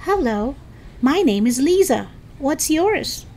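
A woman reading a storybook aloud and voicing a friendly, sweet third-grade girl in a high, sing-song voice. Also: sing-song, normal speed, slight background noise.

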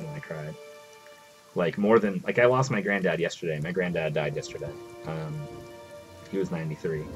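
A man with a very low voice chats casually to his viewers during a live game stream. He talks loosely and reads the game's text aloud as he goes.

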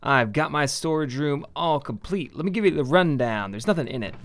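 A young man hosting a casual gaming video, thinking out loud and joking at his own expense as he builds. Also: a little high, expressive, brisk. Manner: chatty, self-mocking, thinking aloud. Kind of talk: casual let's-play commentary.

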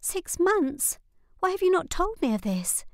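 In an audiobook, a woman performs a full character voice, pitched higher than her natural one, as a sincere, wounded younger sister begging loudly. The delivery is very high with wide pitch swings and a slightly slow pace, recorded clean in a studio with no room sound.

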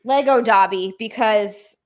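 A young adult woman chats casually on a live stream from a room in her home. Her mid-range voice moves a little slowly, but she's excitable and talkative, thanking viewers by name and breaking into squeals.

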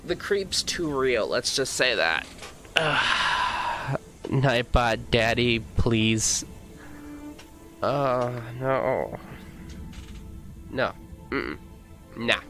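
A man's voice: medium pitch, sing-song, extremely slow, long pauses, pushed and bright, faint music behind. A young man streaming a video game live, joking, exclaiming and talking to his chat. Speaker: gaming streamer.

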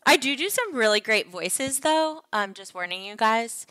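A woman's voice: a little high, expressive, moderate pace, hardly any pauses, sharp tone, no room sound. A young adult woman hosting a casual game livestream, chatting playfully and joking with her viewers. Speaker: livestream host.

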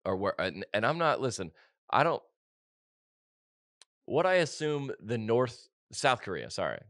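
Casting: male comedy podcast host, mid-pitched, rambling and self-correcting, dry close sound. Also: big pitch swings, a little slow, a bit bright, dry recording. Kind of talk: casual comedic chat.

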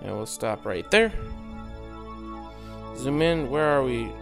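This gaming channel host has a gravelly mid-range voice that swings widely in pitch as he talks slowly. Over background music, he rambles through casual gameplay commentary, mocking himself as he fumbles and mutters sound effects under his breath.

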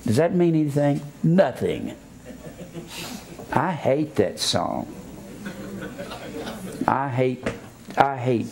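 A man's voice: medium pitch, sing-song, takes it slowly, gravelly, long pauses, darkish tone. An older man preaching a sermon, blunt and scornful, stopping to teach grammar like a schoolteacher. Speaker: pastor.

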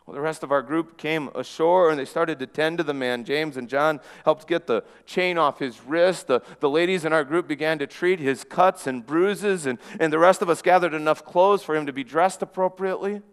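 Man, earnest dramatic storytelling, hushed stretches, reverberant hall. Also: on the high side, moderate pace, few pauses, smooth. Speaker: preacher in a first-person monologue. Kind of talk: dramatic first-person storytelling.

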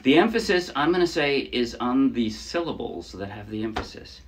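A man of middle pitch gives a relaxed, conversational ukulele lesson, explaining strums and counting the beat out loud. His own ukulele plays loudly underneath the whole time. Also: moderate pace, loud music behind the voice. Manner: chatty, counts beats aloud while playing. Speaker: ukulele teacher. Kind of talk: casual instructional talk. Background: loud ukulele playing.

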